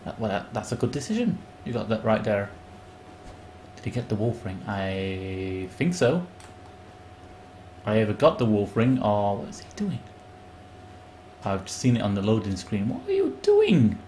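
An English man chatting and joking while he streams a game, with sudden loud outbursts. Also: fairly low pitch, a little slow, long pauses, slight background noise. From England. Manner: chatty, self-mocking, bursts into loud outbursts. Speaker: gaming streamer. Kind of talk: live gameplay commentary.

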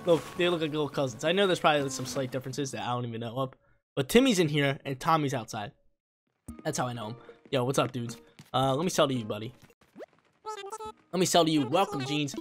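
A young man hosting a gaming channel, giving excitable, slangy, chatty commentary while he plays. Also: mid-range voice, fast talker, pauses often. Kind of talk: casual gameplay commentary. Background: faint game music.

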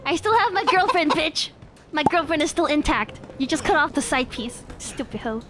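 A woman's voice: sits high, normal speed. A woman streamer giving playful gameplay commentary, shrieking and laughing often, with game music behind her.

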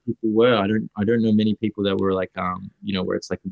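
A man's voice: fairly low pitch, fast talker, gravelly, no room sound, phone-quality sound. A young Australian man, an actor guest, telling stories in a casual interview with rambling restarts. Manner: rambling, restarts often, lively storytelling.

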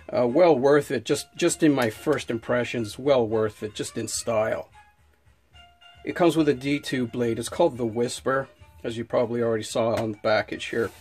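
A man talking through an unboxing in a loose, rambling way, full of restarts and fillers. His voice sits at an ordinary middle pitch, and he gets worked up and heated as he rants. Faint music plays underneath. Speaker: knife reviewer. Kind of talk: casual unboxing review with a rant.

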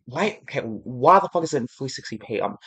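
A woman hosting a reaction channel, talking in an excitable, casual way with lots of swearing and filler words. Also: a bass voice, brisk, slightly rough. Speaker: YouTube reaction channel host.

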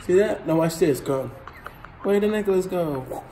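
A man's voice: sits high, expressive, normal speed, mellow, a little hiss or hum. A man hosting a casual vlog as he goes through storage unit finds, talking in a joking, teasing way. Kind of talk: casual chat.

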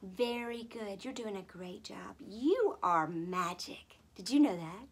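A woman leading a gentle music and sign-language lesson for small children, speaking softly and slowly, often dropping to a whisper. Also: medium pitch, animated, husky. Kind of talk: gentle teaching for toddlers.

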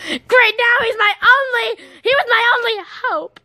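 A woman voicing a dramatic, excitable young princess who bursts out shrilly and rambles to herself. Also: extremely high pitch, measured pace, no room sound, heavily acted.

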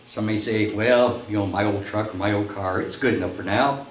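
A man's voice: on the low side, fairly even intonation, normal speed. Guy preaching a sermon, tells a story with voices, echoey church sound. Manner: storytelling, acts out voices, rises to shouts. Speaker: pastor. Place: church sanctuary. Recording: echoey church room, faint noise.

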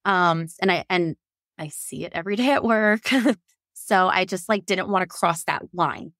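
Woman, 30s, from Virginia, podcast guest; frank, animated storyteller who quotes herself; dry close recording. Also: on the low side, moderate pace, no room sound. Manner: animated, quotes herself and others, laughs often; frank, swears casually. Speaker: podcast guest telling her birth story. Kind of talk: casual storytelling.

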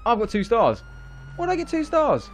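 A man, excitably narrating gameplay and laughing constantly between exclamations and swearing. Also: very high voice, normal speed. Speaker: gaming video host. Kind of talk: excitable live gameplay chat.

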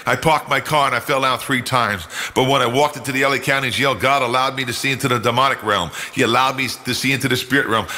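Bright-voiced older man giving testimony. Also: mid-range voice. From New York, US. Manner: earnest, emphatic, acts out quoted speech. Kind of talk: personal testimony storytelling. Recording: long hall reverb.

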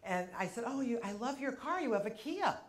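A woman's voice: fairly high pitch, big pitch swings, brisk. A woman in her fifties doing a punchy stand-up comedy routine in a comedy club, working the crowd. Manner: brash, punchy delivery with crowd work. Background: audience laughter.

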